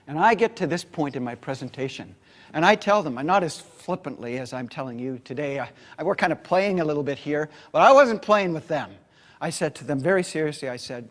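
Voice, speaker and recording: A middle-aged man giving a motivational keynote, telling a story with dramatic pauses. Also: on the high side, sing-song. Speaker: keynote speaker.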